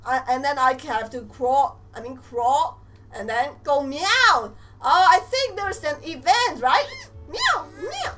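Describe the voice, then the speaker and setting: A young woman giving animated let's play commentary, exclaiming and teasing the game characters as she plays. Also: high voice, unhurried, soft background music. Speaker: gamer.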